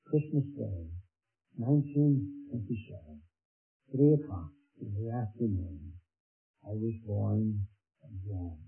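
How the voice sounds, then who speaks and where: A husky-voiced older man gives an earnest personal testimony in a sermon, telling it slowly with frequent pauses. The sound is thin and tinny like an old narrow-band recording, with faint music underneath. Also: fairly low pitch. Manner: earnest, measured storytelling with pauses. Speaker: preacher giving his testimony.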